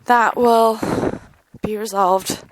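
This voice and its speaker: Solo podcast host, woman, high voice; raw, sweary, swings from loud to hushed. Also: fairly even intonation, extremely slow, no room sound. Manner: emotional, profane, swings between loud outbursts and quiet murmurs. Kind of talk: candid personal monologue.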